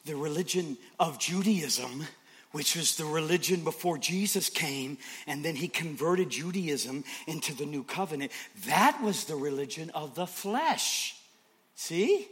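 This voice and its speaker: Man preaching, bright sharp tone, dramatic whisper-to-shout swings, emphatic repeats. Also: a little high. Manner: repetitive, emphatic phrasing. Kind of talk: sermon.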